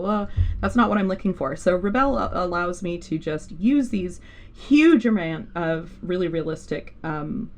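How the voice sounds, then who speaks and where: On a livestream, a woman art instructor teaches digital painting, rambling along and cutting herself off with lots of fillers. Her voice is mid-range and slightly mellow.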